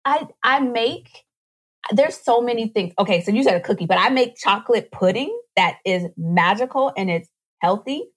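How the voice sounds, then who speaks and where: A woman guest on a podcast, explaining nutrition in a casual, animated way and acting out little voices as she goes. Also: on the high side. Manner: animated, acts out voices in quick asides.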